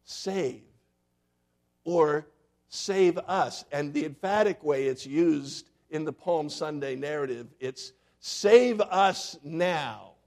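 A man preaching a sermon from the front of a church sanctuary. His voice sits a little on the high side, and he moves from ringing emphasis to quiet, confiding asides. He keeps turning to the congregation with quiz questions. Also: takes it slowly. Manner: animated preaching, quizzing the congregation, swings from loud to hushed. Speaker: pastor.

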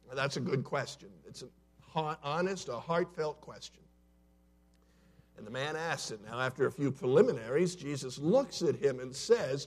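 A man in a church sanctuary preaching a sermon, conversational and story-driven, swinging between loud and soft. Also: fairly high pitch, lively intonation, moderate pace. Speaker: pastor.

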